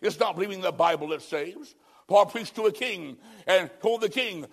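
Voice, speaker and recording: A male preacher delivering an evangelistic sermon, swinging between loud emphatic lines and hushed, near-whispered endings. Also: high-pitched, expressive, moderate pace.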